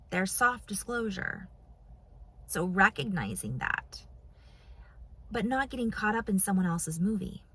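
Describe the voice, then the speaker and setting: Husky-voiced woman giving earnest spiritual talk. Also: fairly low pitch. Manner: soft, earnest, emotional, pauses often. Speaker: spiritual channel vlogger. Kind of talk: heartfelt spiritual talk to camera.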